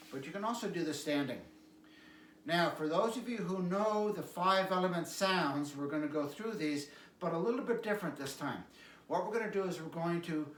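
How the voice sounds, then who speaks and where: A man teaching qigong, calmly cueing stretches and breathing sounds with repeated prompts. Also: fairly high pitch, slight background noise. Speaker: qigong instructor. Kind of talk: guided exercise instruction. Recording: echoey room, mic at a distance.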